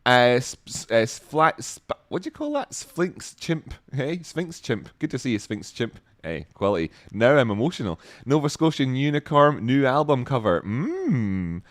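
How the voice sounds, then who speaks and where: Man, stream host, joking and excitable, mid-range voice, dry sound. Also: moderate pace, few pauses, no room sound. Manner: excitable, joking, with sudden high exclamations. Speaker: livestream host. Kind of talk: casual chat reading viewer comments.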